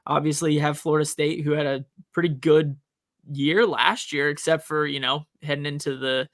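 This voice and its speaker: A man's voice: fairly high pitch, fairly even intonation, normal speed, a bit bright, no echo, clean studio sound. A man co-hosting a sports podcast, chatting casually and rambling with frequent restarts. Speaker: college professor, podcast co-host.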